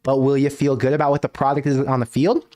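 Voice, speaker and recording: A man hosting a solo sports livestream from his desk, ranting in an animated, casual way with some swearing. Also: medium pitch, fast. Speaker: sports podcast host. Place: home desk.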